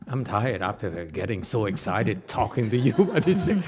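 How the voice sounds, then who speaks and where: A man giving a casual Buddhist dharma lecture as teacher, animated and joking, repeating words and mimicking voices. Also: on the low side, normal speed. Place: temple lecture hall.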